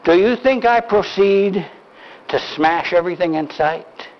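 An older man preaching a sermon, telling a story in an animated, deliberate way, heard on a dull lo-fi recording. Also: high-pitched. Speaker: pastor.

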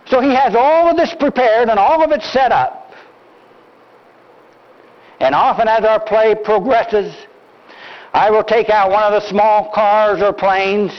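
An older man preaching a sermon, telling a story in an animated, deliberate way, heard on a dull lo-fi recording. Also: sits high. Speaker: pastor.

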